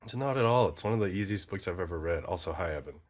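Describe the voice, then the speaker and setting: Deep-voiced male guest, laid-back and slangy, plainspoken. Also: quick pace. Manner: relaxed, slangy, matter-of-fact. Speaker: guest on a livestream. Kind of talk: casual livestream chat.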